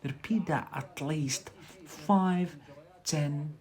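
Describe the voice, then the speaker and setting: A man teaches a live lesson at an unhurried pace. He repeats words over and over and checks in with a quick "yeah?", coaching like a patient tutor. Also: fairly high pitch, a little mellow. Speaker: English teacher. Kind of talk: livestreamed English lesson.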